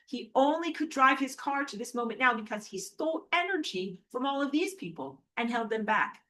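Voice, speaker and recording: Bright-voiced woman teaching at a whiteboard. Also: sits high, expressive, normal speed. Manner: chatty and playful, thinks aloud, self-corrects. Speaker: spiritual teacher. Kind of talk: casual whiteboard lecture while drawing.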